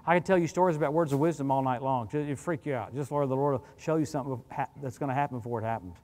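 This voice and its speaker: A man preaching as a guest at a church service, telling stories in an animated, chatty way with quick asides to the congregation. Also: mid-range voice. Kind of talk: storytelling sermon.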